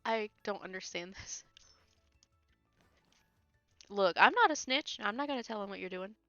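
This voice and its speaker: A woman's voice: mid-range voice, animated, normal speed, fairly bright tone, no room sound, dull audio, faint music behind. A woman casually commenting on a video game she plays, teasing and wry, laughing often. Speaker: game streamer. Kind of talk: casual let's-play commentary.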